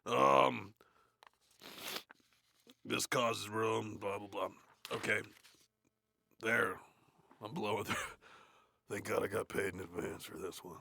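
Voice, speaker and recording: A bored cartoon death metal frontman with a sore throat, reading in a low, heavily gravelly growl. His voice is husky yet has a hard, forceful edge. He mumbles crude, swearing asides and sounds close and dry. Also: steady tone, takes it slowly, pauses often, no room sound, full character voice. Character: gruff, grumbling male death metal frontman. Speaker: reader of a play. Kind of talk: comedic in-character reading.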